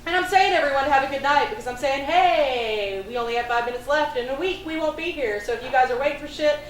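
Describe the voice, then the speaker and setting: A woman's voice: sits high, quick pace, natural voice. A woman playing an ornery male record store manager who swears freely, in a live solo theatre monologue. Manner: casual, blunt, swears freely. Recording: roomy, distant stage recording with faint noise.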